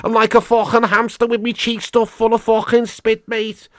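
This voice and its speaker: A man's voice: extremely high pitch, monotone, normal speed, no echo, clean studio sound, voice pushed up. A man voicing a brash, mocking Liverpool man with an exaggerated Scouse accent and a wet, spitty delivery. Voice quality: wet, saliva-filled delivery.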